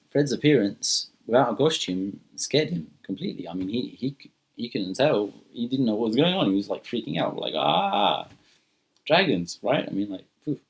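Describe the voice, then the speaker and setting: A man's voice: fairly low pitch, husky. A man telling an improvised myth casually, rambling with many fillers and restarts. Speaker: storyteller. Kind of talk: improvised spoken storytelling.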